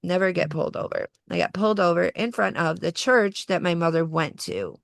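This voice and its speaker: A woman in her forties telling a personal story as a podcast guest, animated and acting out the voices of others. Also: lowish voice, brisk, vocal fry, no echo, studio quality. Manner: animated, acts out quoted voices, laughs through the story. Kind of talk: personal storytelling in casual conversation.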